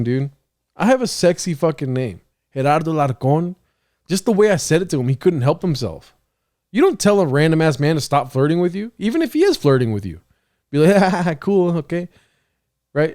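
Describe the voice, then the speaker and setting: Young guy, slightly high voice, solo podcast host, profane, slangy, laughs easily. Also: a little mellow. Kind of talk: casual solo podcast monologue.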